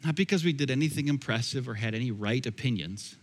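A man with a medium-pitched voice speaks quickly as a pastor delivering a sermon, using a conversational style full of repeated phrases. He's recorded in a church sanctuary, and a long, echoing hall reverb surrounds his words.

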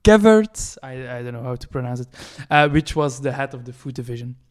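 A man's voice: medium pitch, little pitch movement, quick pace. A man, a podcast co-host chatting casually, hesitant with many fillers and restarts. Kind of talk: casual chat.

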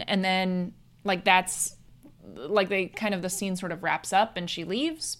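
Young woman, bright tone, casual podcast co-host, rambling plot retelling. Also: mid-range voice, moderate pace. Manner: loose storytelling with "like" and "and then". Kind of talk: casual film recap chat.

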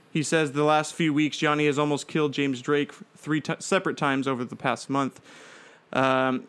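A man's voice: fairly high pitch, fairly bright tone. Man rambling through a wrestling recap. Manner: rambling, frequent fillers and restarts, breaks into laughter. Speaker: fantasy wrestling show narrator. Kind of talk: play-by-play recap narration.

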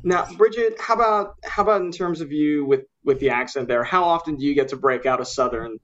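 A man's voice: a little high, a little fast, fairly bright tone. Man asking questions over dull audio. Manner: thoughtful, hedging questions. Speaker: writer interviewing the cast. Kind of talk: casual podcast interview.

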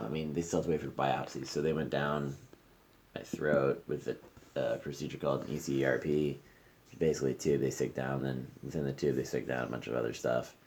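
Very deep, gravelly man talking casually. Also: a little mellow. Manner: candid, swears freely, trails off with fillers. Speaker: podcast host. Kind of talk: casual conversation. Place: friend's living room.

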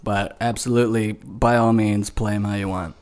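A man hosting and handing out roles in a casual group chat, relaxed and quick to laugh, with frequent ums. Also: fairly low pitch. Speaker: writer and host of the show.

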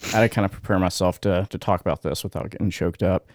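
A man co-hosting a podcast, reading out a news story in a casual, halting way, often pausing with fillers and getting choked up. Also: deep voice, steady tone, darkish tone, slight background noise. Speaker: podcast co-host.

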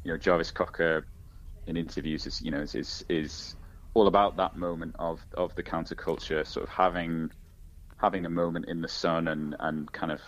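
A man's voice: sits low, little pitch movement, moderate pace, lo-fi sound. A man in a casual discussion who talks hesitantly and searches for his words, often using fillers.

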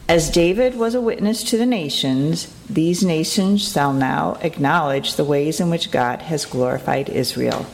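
A woman reads scripture to a congregation, giving each line measured, expressive weight. Her voice is low and has a gravelly edge. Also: rough recording. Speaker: lector. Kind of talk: scripture reading. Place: church sanctuary.

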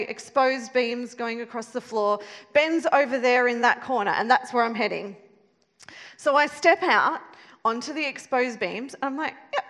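A woman telling a funny personal story to a live audience, animated and self-mocking, laughing as she goes. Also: high-pitched. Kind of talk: storytelling talk with a moral. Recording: long hall reverb.

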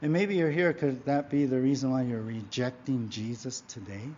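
A man preaching a sermon in church, emphatic, often asking his congregation "right?", swinging between loud exhortation and quiet asides. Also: medium pitch, moderate pace, slight background noise. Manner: emphatic preaching, frequent rhetorical "right?" and "yeah?". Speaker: pastor. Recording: dull lo-fi recording.

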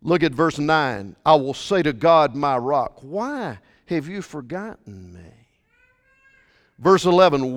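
A man's voice: on the high side, takes it slowly, long pauses. Impassioned preacher man in a reverberant hall. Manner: impassioned preaching, swings between shouting and quiet asides. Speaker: pastor. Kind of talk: sermon.

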